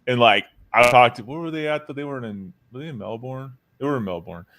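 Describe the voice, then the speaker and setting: A man's voice: medium pitch, brisk, a bit bright. A man from the United States hosting a podcast, chatty and joking through a casual interview. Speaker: podcast host.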